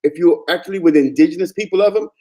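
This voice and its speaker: A man from Panama telling travel stories in a casual chat, animated and full of quoted dialogue. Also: a little high, rapid-fire.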